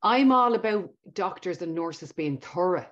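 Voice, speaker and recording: A woman hosts a podcast interview in a somewhat low voice. She talks emphatically and reassures her guest with frequent affirmations, and the recording sounds dull and lo-fi. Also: animated, a little slow. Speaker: podcast host. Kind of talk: conversational interview.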